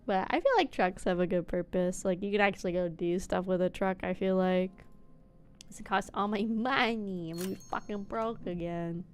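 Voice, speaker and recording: A woman's voice: mid-range voice, fairly even intonation, moderate pace, slight background noise. A woman VTuber streamer chatting casually while playing, rambling with lots of fillers, laughing often and swearing.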